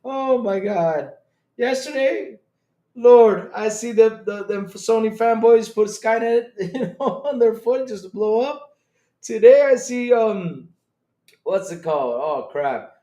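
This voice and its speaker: Reacting live for his viewers, this streamer host speaks slowly in a high voice, addressing chat directly with excitable, animated energy. He swears, giggles, and keeps cracking up, all in an echoey, spacious room.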